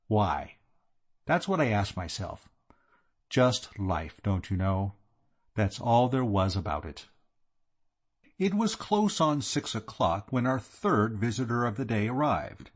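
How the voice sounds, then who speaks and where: A man reading an audiobook with lively, chatty storytelling. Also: fairly low pitch. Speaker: audiobook narrator. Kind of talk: scripted narration.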